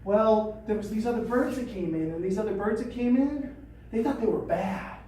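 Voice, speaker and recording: A woman's voice: mid-range voice, normal speed, dark tone, slight background noise, close to an everyday voice. A woman voicing a young eagle who believes it is a chicken, unsure and boastful. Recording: echoey room from a distance.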